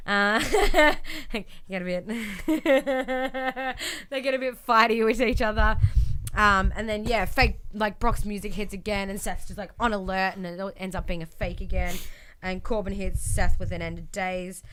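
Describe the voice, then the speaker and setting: A woman's voice: medium pitch, fairly even intonation, measured pace, fairly bright tone, slight background noise. A woman co-hosting a podcast, chatting casually as she recaps a wrestling show and acts out the quotes with lots of fillers. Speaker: podcast co-host.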